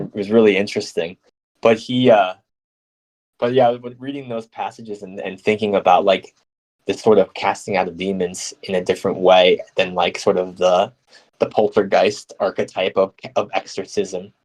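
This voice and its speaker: A young man with a somewhat low voice and a New Jersey accent hosts a live radio talk show. He reads out listener comments and muses on them in a loose, rambling way. He often mocks himself with a playful, joking tone. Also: fairly even intonation, normal speed, low-quality recording. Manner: playful, rambling, self-mocking, with jokey put-on voices.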